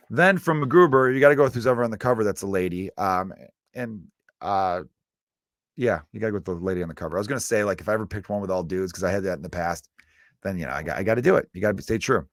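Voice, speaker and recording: Rambling low-voiced American comedian. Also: male voice, a bit bright, no echo, clean studio sound. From United States. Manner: rambling, self-mocking, loose and profane. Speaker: stand-up comedian podcast host. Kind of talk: casual solo podcast rant.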